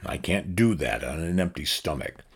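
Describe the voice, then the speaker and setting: A man's voice: extremely low pitch, expressive, normal speed, husky, heavily acted. A man reading the lines of a tired, practical young woman traveler in a plain, matter-of-fact way. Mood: weary.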